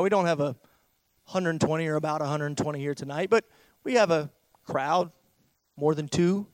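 High-voiced man preaching a sermon. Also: clean tone, no echo. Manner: animated preaching, swings from hushed asides to raised declamation. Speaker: pastor.

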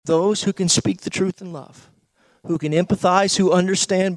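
A male pastor preaching a sermon, emphatic, full of rhetorical questions and swings from loud to hushed. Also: high-pitched, steady tone, normal speed, dry recording.

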